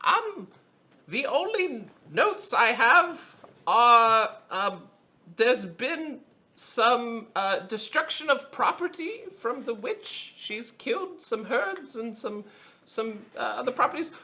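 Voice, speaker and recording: A man's voice: extremely high pitch, sing-song, slow, bright, forceful tone, pitched above the performer's own voice, exaggerated voice. A man voicing Bushel, a fussy, nervous male clerk reading a roll call in a tabletop game. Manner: hesitant, stammering roll call.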